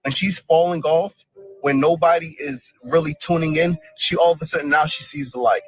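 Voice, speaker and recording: Dismissive husky male commentator. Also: fairly high pitch, steady tone, brisk, soft background music, poor audio. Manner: dismissive, blunt. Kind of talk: casual reaction commentary.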